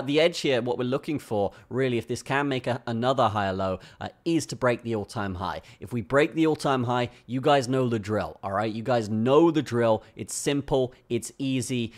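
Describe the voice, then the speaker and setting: A man's voice: medium pitch, a bit bright. Tired man talking through crypto charts. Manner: keeps tagging lines with "okay?" and "all right?"; repeats his own phrases. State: tired from a long day. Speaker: crypto trading channel host. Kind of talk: casual screen-recorded chart analysis.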